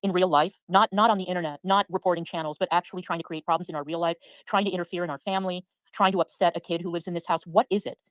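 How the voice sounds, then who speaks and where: A woman's voice: on the low side, steady tone, dry recording, low-quality recording. A woman on a livestream, speaking in an indignant tone. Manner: indignant, rapid. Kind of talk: casual livestream chat.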